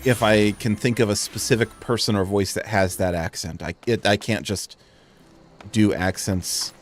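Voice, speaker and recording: A man's voice: fairly low pitch, steady tone, normal speed. An American man giving casual, chatty commentary while playing a video game, with self-deprecating asides. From United States. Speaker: let's play host. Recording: faint game music behind.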